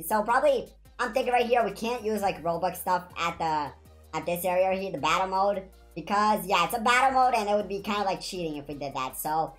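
Woman, gaming commentary, excitable, shrieky, soft background music. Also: medium pitch. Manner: excitable, shrieks when winning or losing. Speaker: gaming YouTuber.

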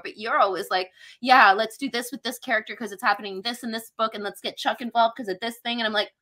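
A woman chatting casually on a podcast about making comics, animated and profane, acting out quotes from bosses. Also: on the high side, fast, hardly any pauses. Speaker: comics creator guest.

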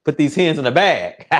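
A man hosting a casual cooking livestream, excitable and crude, joking and chatting straight to his viewers. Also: low voice. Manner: excitable, crude, jokey, chats directly to viewers. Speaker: home cook hosting a cooking show.

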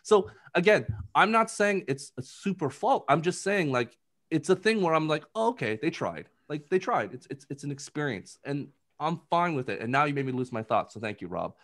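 A man's voice: a little high, expressive, fairly bright tone. A man co-hosting a podcast, talking through a movie review in casual chat, rambling and full of filler words. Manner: rambling, heavy on filler words, jumps into quick impressions. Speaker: podcast co-host.

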